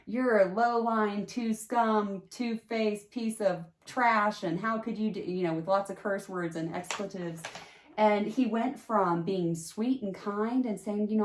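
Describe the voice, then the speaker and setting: Animated woman telling a story. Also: measured pace, roomy sound. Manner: animated, jumps into high pitch acting out quotes. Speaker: podcast host telling a personal story. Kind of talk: casual storytelling.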